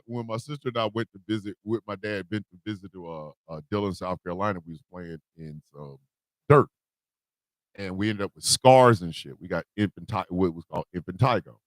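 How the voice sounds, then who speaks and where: A man hosting a morning radio show tells a loose, profane story, laughing, swearing and acting out lines from his family members with lots of animation. His voice is fairly low in pitch. It's a casual storytelling monologue recorded at studio quality with no echo.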